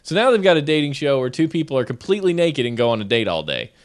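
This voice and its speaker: A man's voice: medium pitch, fast talker. A man co-hosting a show, telling joking stories in casual chat. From United States. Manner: animated, joking storyteller. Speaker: podcast co-host.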